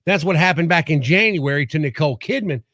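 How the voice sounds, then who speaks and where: A man's voice: fairly high pitch, expressive, fast talker, a bit bright, no room sound. A man co-hosting a casual radio show from a studio, joking and telling news stories in a self-deprecating way. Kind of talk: casual morning radio banter. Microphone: studio mic.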